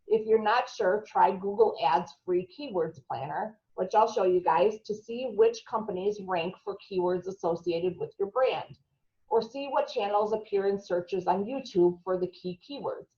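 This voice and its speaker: A woman's voice: mid-range voice, normal speed, dark tone. A woman leads a marketing training in a room full of trainees. She talks in a chatty way, throws questions out to the group and sometimes trips over a word. The recording is dull and lo-fi. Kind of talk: live training talk to a group.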